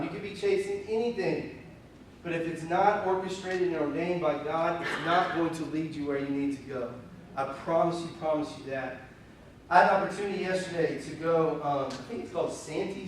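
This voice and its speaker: Recorded far from the microphone in a very echoey church sanctuary, a young pastor with a slightly high voice delivers conversational sermon storytelling. He's animated and candid, sharing personal tales laced with fillers and self-deprecating remarks, over a faint hiss.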